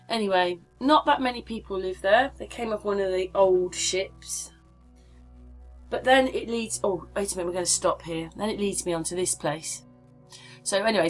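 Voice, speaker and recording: A woman's voice: on the low side, rough recording. Chatty woman rambling over faint music. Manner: rambling, chatty, addresses viewers directly. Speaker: channel host. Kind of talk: casual screen-share commentary.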